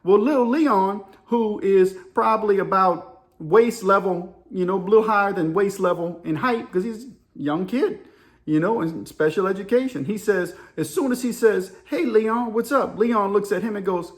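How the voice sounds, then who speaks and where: Animated storytelling man, high voice. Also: moderate pace. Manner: animated, acts out voices and sound effects, laughs often. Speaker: storyteller and channel host. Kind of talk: casual storytelling monologue.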